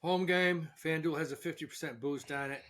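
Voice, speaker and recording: A man hosts a sports betting chat, brash and a bit profane, often leaning on gut feelings. His voice is somewhat high and sharply bright. He talks loosely with his co-host. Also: steady tone, fairly quick. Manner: brash, swearing, hedging hunches.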